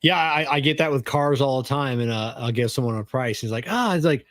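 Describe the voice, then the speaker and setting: A man's voice: medium pitch, brisk, a bit bright, dry recording. A man who works as a car mechanic, co-hosting a podcast in casual chat, matter-of-fact with many fillers.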